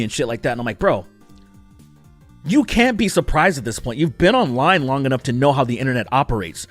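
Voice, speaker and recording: A man's voice: medium pitch, big pitch swings, brisk, soft background music. A young man ranting in a heated, profane commentary, talking emphatically and swearing often. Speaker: commentary YouTuber.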